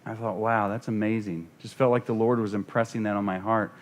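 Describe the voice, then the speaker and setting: A man's voice: lowish voice, steady tone, brisk. Earnest man preaching with rising passion. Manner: earnest, building to impassioned repetition. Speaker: guest pastor. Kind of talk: sermon. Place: church sanctuary.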